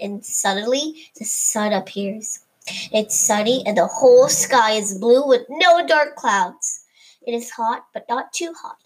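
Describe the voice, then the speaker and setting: A woman with a high voice reads a homemade first-person story aloud. She stumbles now and then and corrects herself mid-line. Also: rough recording.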